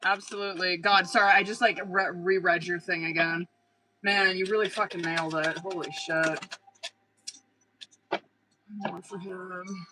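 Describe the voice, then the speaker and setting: A woman doing a live-stream tarot reading, excitable and swearing heavily as she talks straight to a viewer. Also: on the low side, measured pace, long pauses, rough recording. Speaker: tarot reader.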